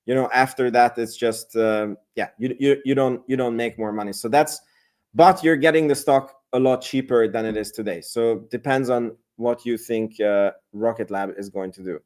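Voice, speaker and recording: Speaking at normal speed with a steady, mid-range, darkish voice, a man hosts a live stream on selling options. His chat is loose and rambling, full of fillers and restarts as he reads out and responds to viewer comments.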